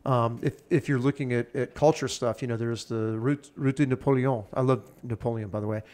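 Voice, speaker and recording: Male podcast guest, excitable big-ideas talker, middle pitch. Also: brisk. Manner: enthusiastic, rambling, piles up plans. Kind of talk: casual chat.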